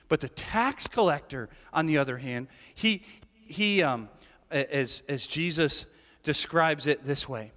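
A man preaching a sermon in a relaxed, chatty way, often checking in with "right?" His voice sits high and swings widely in pitch, and it carries through a big sanctuary with a long hall reverb. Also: moderate pace. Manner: conversational, animated, asks rhetorical questions. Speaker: pastor.

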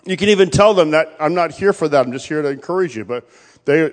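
A man preaching a sermon, telling stories and acting out short exchanges, his delivery swinging from loud, raised lines to hushed asides. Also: on the high side, expressive, fast talker, in a large hall. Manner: storytelling with acted-out voices, swinging between loud and hushed.

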